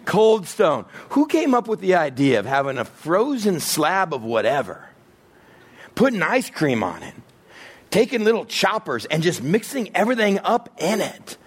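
A man preaching a sermon, joking and acting out quick bits of everyday talk. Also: high-pitched, breathy edge. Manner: animated, joking, acts out little voices. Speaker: pastor.

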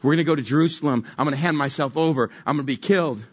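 A preacher voicing a calm male teacher, speaking briskly and matter-of-factly. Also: a little high, breathy edge. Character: calm male teacher foretelling his fate.

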